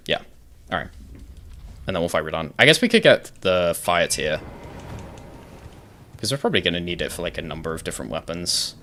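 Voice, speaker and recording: A man's voice: low voice, very animated, fairly quick, long pauses, fairly bright tone, a little hiss or hum. A young British man chatting casually on a live stream while gaming, thinking aloud, answering chat and swearing now and then. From Britain.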